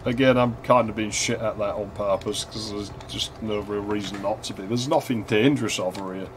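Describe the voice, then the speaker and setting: A man's voice: lowish voice, fairly even intonation, a little fast, background noise. A young man chatting casually while playing an old console game, telling a school story, laughing often and swearing freely. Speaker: gaming channel host. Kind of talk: casual gameplay commentary.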